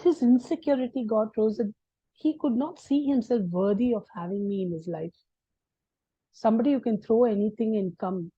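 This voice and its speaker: A middle-aged woman with an Indian English accent telling her life story as a guest, animated and acting out the people she quotes. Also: a little high, normal speed, husky, dry recording, lo-fi sound. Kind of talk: personal storytelling.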